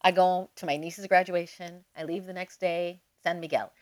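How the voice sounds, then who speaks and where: Podcast guest, woman, slightly low voice, animated storyteller, lots of "like". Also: moderate pace. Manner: animated, emotional storyteller who leans on "like". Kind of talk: casual interview storytelling.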